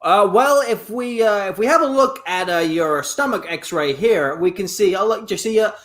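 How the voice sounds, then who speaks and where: A man with a high voice performing improvised comedy. He speaks briskly and chattily, delivering each line in a matter-of-fact way. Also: expressive, fairly bright tone.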